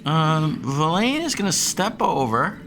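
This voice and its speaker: A man's voice: on the high side, big pitch swings, measured pace. A man running a tabletop game as game master, narrating unhurriedly with many ums. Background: background music.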